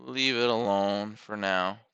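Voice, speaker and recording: Man, live trading commentary, lowish voice, very clear, self-correcting mutter. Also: steady tone, slow pace, a bit bright, no room sound, muffled recording. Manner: self-correcting, muttering to himself over trade entries. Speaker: day trader streaming live trades.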